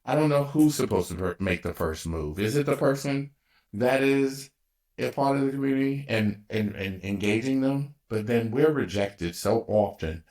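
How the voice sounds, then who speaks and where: A man in his fifties hosting his own podcast, telling a personal story with animated energy, laughing often and restarting sentences. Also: medium pitch, moderate pace. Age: 50s. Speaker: podcast host.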